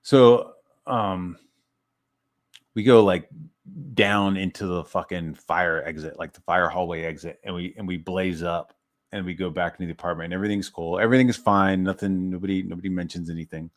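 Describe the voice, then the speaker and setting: A man with a fairly low voice tells a personal story in a loose, rambling way. He curses often, restarts his sentences, and piles up fillers as he goes. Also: fairly even intonation, moderate pace. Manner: rambling, profane, self-interrupting. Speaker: streamer. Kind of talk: casual storytelling.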